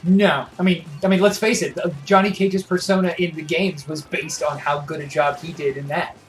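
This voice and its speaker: A man's voice: fairly high pitch, flat delivery, normal speed, faint music behind. A man co-hosting a gaming livestream, chatting casually in an enthusiastic, rambling way that often corrects itself. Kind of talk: casual chat.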